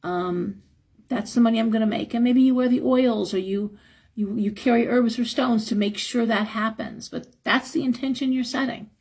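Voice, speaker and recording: A middle-aged woman on a live stream talks through spiritual advice in a frank, chatty way and sounds a bit worn out. Her voice sits fairly high, with a husky edge and a gravelly fry at the ends of her phrases. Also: normal speed, a little mellow. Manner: chatty, frank, acts out quotes with a higher voice. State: tired. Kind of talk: casual live-stream talk, reading chat.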